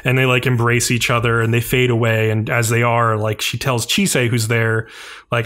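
A man retelling a cartoon episode on a podcast in a relaxed, rambling way. His voice sits at an ordinary middle pitch, and he leans on filler words as he goes. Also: normal speed. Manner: loose, filler-heavy storytelling with many "like"s. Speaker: podcast co-host. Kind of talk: casual chat, recapping an anime episode.

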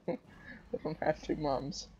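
A man giving casual gaming commentary, teasing his friend and sounding exasperated, with sudden loud exclamations. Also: slow, lo-fi sound. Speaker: gameplay commentator.

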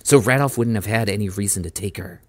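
A man's voice: fairly low pitch, quick pace, no room sound, natural voice. A man reading a blunt, practical young woman. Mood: reasoning. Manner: frank and matter-of-fact. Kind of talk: audiobook character voice.

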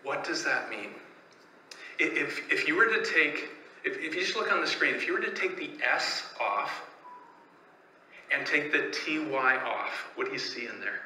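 A Canadian pastor preaches a sermon in a church sanctuary, telling stories and posing rhetorical questions in a conversational way. His voice sits on the high side, pushed and bright, at a moderate pace. The room is echoey with faint ambience, plus a little hiss or hum.

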